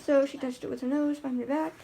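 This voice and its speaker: A woman's voice: high voice, fairly even intonation, fast talker, vocal fry, dark tone, slight background noise. A woman talking in a casual vlog about life with her guide dog, chatty and rambling with lots of fillers and restarts.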